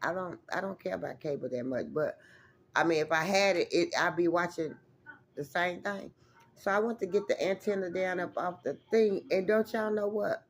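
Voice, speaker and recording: A woman's voice: fairly low pitch, moderate pace, slight background noise. A woman vlogger telling a rambling, emphatic story to her viewers in a casual way, swearing freely and calling out to them as y'all.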